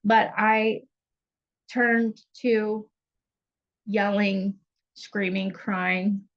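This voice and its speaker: A woman's voice: medium pitch, steady tone, very slow, lo-fi sound. A woman spiritual coach giving an earnest, intense, confessional teaching monologue, blunt and unafraid to swear.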